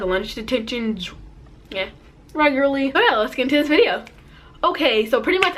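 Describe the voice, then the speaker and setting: A teenage girl telling an animated, slangy storytime, putting on voices for the people in it. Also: sits high. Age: teens. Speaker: vlogger. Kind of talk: storytime vlog.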